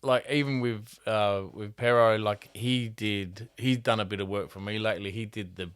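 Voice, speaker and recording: A laid-back man hosting a podcast, slangy and casually profane. His voice sits low and smooth, close and dry with no room sound. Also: fairly even intonation, normal speed, dry recording. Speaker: podcast host. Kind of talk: casual chat.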